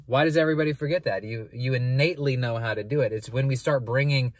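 A man's voice: mid-range voice, fast, hardly any pauses, no room sound. A man who is a math teacher explaining averages in a casual, conversational lesson, often rephrasing and breaking off mid-sentence. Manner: conversational, animated, self-interrupting.

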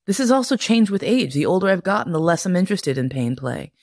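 With a voice on the low side and a little mellow, a middle-aged woman hosts a podcast, talking fast and very animatedly. The recording is dry and clean, studio-grade. Her casual storytelling monologue is full of swearing and frequent bursts of laughter.

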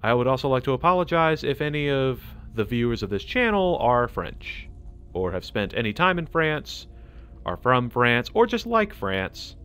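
A man's voice: medium pitch, moderate pace, clear, resonant tone. An American man hosting a gaming channel, chatting and laughing through casual gameplay commentary. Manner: excitable, chatty, laughs a lot.

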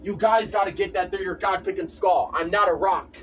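A man's voice: high voice, a little fast, fairly bright tone, recorded from a distance, highs cut off, a little hiss or hum. A man in a casual vlog, ranting insistently and repeating himself over and over. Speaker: vlogger. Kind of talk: casual rant to camera.

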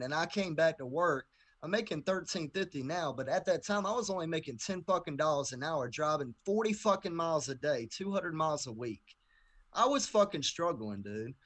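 Young guy from tennessee ranting through a story, cussing nonstop, kinda high voice. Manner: profane, animated storytelling with heated outbursts. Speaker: guest rapper. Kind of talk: casual storytelling interview.

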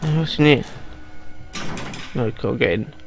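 A man's voice: medium pitch, vocal fry, soft background music. A man giving muttered, wry commentary while playing a horror game. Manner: slow, muttering, wry asides. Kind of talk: let's play commentary.

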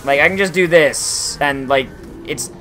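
A man's voice: a little high, a little slow, sharp tone, a little hiss or hum. A man commentating his gameplay with profane, joking banter. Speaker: gameplay streamer. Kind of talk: let's play commentary.

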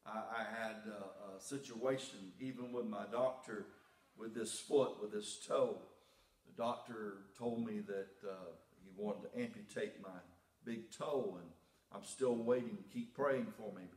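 Folksy preaching pastor in an echoey church. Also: male voice, fairly low pitch, unhurried, darkish tone. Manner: folksy storytelling, rising to preaching emphasis. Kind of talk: sermon. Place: church sanctuary.

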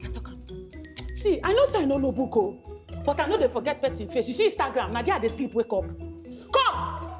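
A brash, mocking Nigerian Pidgin speaker. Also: female voice, high voice, very animated, moderate pace, long pauses. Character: brash loud young woman, confronting a lecturer. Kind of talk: Nollywood comedy acting. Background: music.

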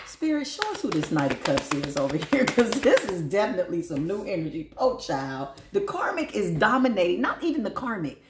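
Animated woman reading tarot, echoey room. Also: a little fast, few pauses, noisy background. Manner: animated, laughing often, big pitch swings, talks to spirit and viewers. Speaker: tarot reader.

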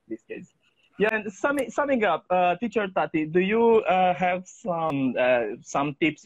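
Halting man. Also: medium pitch, dry recording, highs cut off. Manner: halting, many fillers and restarts. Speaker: English teacher co-hosting a livestream. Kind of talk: casual livestream chat.

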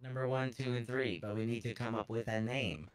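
A man's voice: mid-range voice, fairly quick, very noisy. Man with a robot-filtered voice. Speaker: roleplay game player.

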